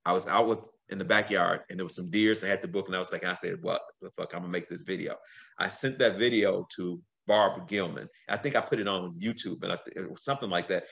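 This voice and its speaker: A middle-aged man with a somewhat low voice tells stories as a podcast guest. He talks casually and with a lot of energy, swearing freely and acting out what other people said. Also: fast, vocal fry. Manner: animated, swears freely, acts out quotes. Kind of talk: casual storytelling.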